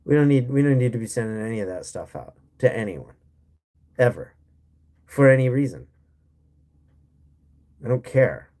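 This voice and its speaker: An American man hosting a livestream rants bluntly, full of profanity and sarcasm, while reading and answering chat. His mid-range voice is expressive and warm, at normal speed with long pauses.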